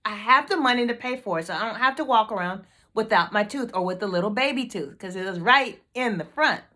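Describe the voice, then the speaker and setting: A woman's voice: medium pitch, animated, brisk, bright, forceful tone. A woman hosting a motivational team meeting video, fired up and emphatic, repeating her questions to the group.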